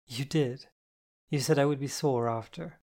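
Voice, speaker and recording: A man's voice: mid-range voice, a little slow, a little mellow. Sheepish young lover in an audiobook, clipped and embarrassed, played by a man. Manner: sheepish, short replies. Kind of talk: audiobook character reading.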